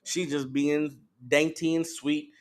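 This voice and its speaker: A man's voice: on the high side, little pitch movement, slow pace. A man teaching scripture, emphatic and profane, checking in with his listeners. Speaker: Bible teacher. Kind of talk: call-and-response scripture teaching.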